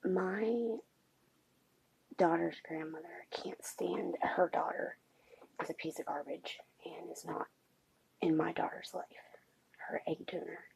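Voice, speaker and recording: A woman vlogger talking quietly at home late at night so as not to wake anyone, halting and pausing with many fillers. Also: fairly low pitch, gravelly, husky, whispered, low-quality recording. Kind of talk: late-night confessional vlog.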